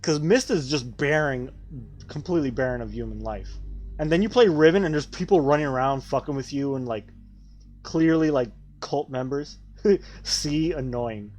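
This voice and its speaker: In a darkish, mid-range voice at a moderate pace, a man plays a game on stream and talks casually to his viewers. His chat is rambling and profane.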